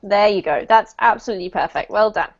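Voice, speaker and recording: A woman teaching English pronunciation to a group over a video call, clear, deliberate and encouraging. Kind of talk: online group pronunciation lesson. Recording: muffled low-fidelity video call audio.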